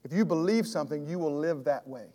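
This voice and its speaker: A man's voice: fairly high pitch, fast talker, mellow, long reverb tail. A man teaching an evening Bible class with earnest emphasis, often restarting and repeating phrases while his throat keeps catching. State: throat trouble, clearing his throat.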